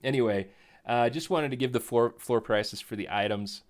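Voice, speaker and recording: A man's voice: mid-range voice, moderate pace. A man co-hosting a live stream in casual chat, rambling and correcting himself, often chuckling. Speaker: co-host of a crypto game stream.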